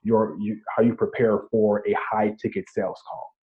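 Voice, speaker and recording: A man hosting an interview, asking short probing questions and adding quick acknowledgments. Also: lowish voice, level tone. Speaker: podcast host. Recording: dull lo-fi sound.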